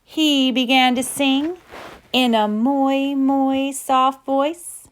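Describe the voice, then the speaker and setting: A woman teacher reading a children's picture book aloud, expressive and animated, swooping up and down as she voices the characters. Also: sits high, very slow, a little hiss or hum.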